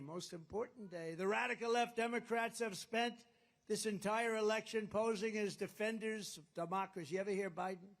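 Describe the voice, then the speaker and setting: A man speaks to a rally crowd, his voice sitting rather high for a man. He rambles and boasts, circling back to the same phrases again and again. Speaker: political candidate. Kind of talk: campaign rally speech. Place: rally at a golf resort.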